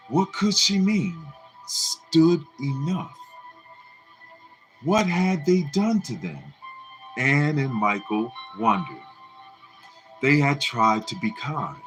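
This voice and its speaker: Slow, expressive male book narrator. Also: fairly high pitch, soft background music, low-quality recording. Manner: expressive, deliberate storytelling. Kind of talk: live book reading.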